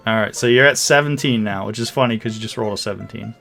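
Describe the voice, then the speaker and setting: A man narrating as game master for a tabletop game, speaking in a relaxed, hesitant way with many fillers. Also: lowish voice, fast, gravelly, soft background music. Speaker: dungeon master.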